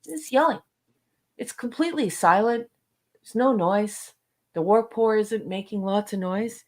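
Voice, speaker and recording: A woman's voice: medium pitch, unhurried, darkish tone. A woman on a casual podcast, reviewing episodes in an exasperated, sarcastic rant.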